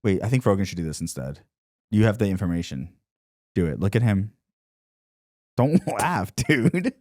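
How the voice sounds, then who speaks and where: A man's voice: sits low, lively intonation, fast, warm tone. A young man co-hosting a podcast in casual, joking chat, swearing freely. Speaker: podcast co-host.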